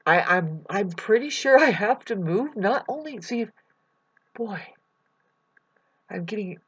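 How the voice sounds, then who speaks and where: A woman vlogging about a hard time, rambling and halting, often repeating words, close to tears. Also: mid-range voice, animated, fairly bright tone, husky. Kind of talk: emotional personal vlog. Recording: dull lo-fi recording.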